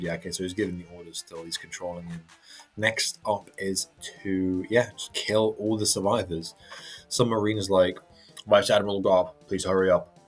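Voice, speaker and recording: A man casually reading and reacting to a manga chapter, chatty and halting with lots of fillers. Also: on the low side, slightly rough. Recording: faint background music.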